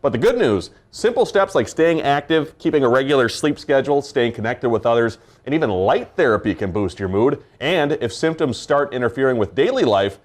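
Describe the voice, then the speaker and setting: A man's voice: medium pitch, lively intonation, fairly quick, few pauses. A man with a Minnesota accent co-hosting a morning TV show, reading out news items and chatting easily in a studio on a clip-on mic. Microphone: clip-on microphone.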